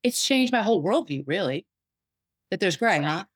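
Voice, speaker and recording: A woman psychotherapist and life coach talking in a casual interview, animated and storytelling, acting out what others said. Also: mid-range voice, moderate pace, breathy edge, dry recording. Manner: animated storyteller, acts out quoted voices.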